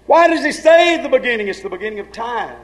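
A man preaching a sermon with fervor, dropping to hushed lines and then rising to shouts. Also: very high-pitched, expressive, fast talker, low-quality recording.

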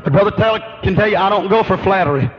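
High-voiced preacher man, emphatic. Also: rapid-fire. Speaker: pastor. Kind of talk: sermon. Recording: dull lo-fi recording.

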